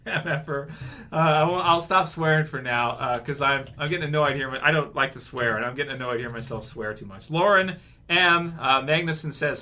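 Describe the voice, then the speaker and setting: A man's voice: a little high, moderate pace. A man ranting in a vlog, repeating his points and firing off rhetorical questions. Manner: animated, repetitive, rhetorical questions. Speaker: vlogger.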